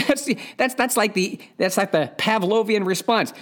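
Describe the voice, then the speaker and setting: Delivering a blunt, profane, opinionated podcast monologue, the male host keeps repeating his key points with emphasis. His voice sits high and swings widely in pitch, moving at normal speed with few pauses and a fairly bright tone.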